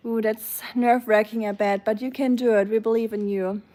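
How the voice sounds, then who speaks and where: A woman with a German accent chats through a relaxed live stream, reading comments aloud and answering them one by one. Her voice sits slightly high, and her talk is easygoing and conversational. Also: fairly quick. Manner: chatty, reads out and answers chat comments. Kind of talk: casual live-stream chat.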